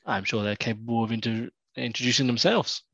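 A man's voice: mid-range voice, fairly even intonation, fairly quick, gravelly, fairly bright tone, no echo, highs cut off. A man playing a tabletop game, speaking wryly and taking on a formal, courteous tone for his elf.

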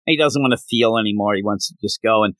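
A man co-hosting a podcast in casual chat, retelling scenes in an animated way with quoted lines. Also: lowish voice, fast, dry recording. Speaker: podcast co-host.

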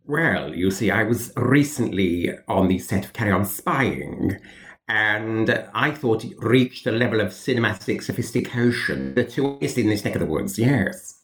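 A man doing an impression of a pompous, plummy male comic actor with a nasal, drawn-out delivery. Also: fairly low pitch, animated. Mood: grandiose. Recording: roomy echo.

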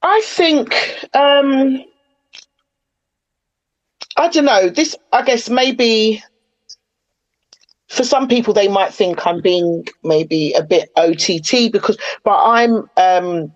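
A woman's voice: on the high side, takes it slowly, pauses often, dull audio. A woman in casual podcast chat, chatty and opinionated, retelling moments with animation.

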